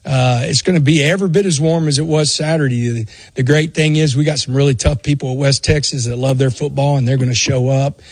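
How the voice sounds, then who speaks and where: A man's voice: medium pitch, steady tone, fairly quick, few pauses, a little mellow, breathy edge, dry recording. A man speaking as a college football coach in an earnest, folksy way. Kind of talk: interview clip.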